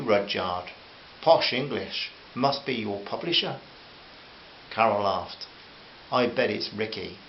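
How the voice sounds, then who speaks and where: A man narrating his own novel aloud in a steady, conversational reading voice. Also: medium pitch. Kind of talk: audiobook narration. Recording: roomy, dull, hissy home recording.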